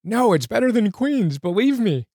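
A man voicing a jubilant, warm male pastor who talks in excited, emphatic bursts. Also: sits high, moderate pace, dry recording, clean studio sound, pitched above the performer's own voice, heavily acted.

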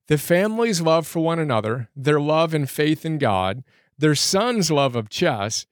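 A man's voice: fairly high pitch, no room sound. Brief: a sincere, earnest man reading from a book and reviewing it as host, dry and close.

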